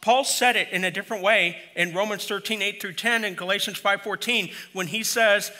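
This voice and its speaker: A middle-aged man preaching with a bright, forceful voice pitched fairly high for a man. He tells stories with humor and speaks straight to his listeners in an easy, conversational way. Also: brisk, few pauses. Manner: humorous storytelling, conversational and direct. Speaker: pastor. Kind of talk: sermon.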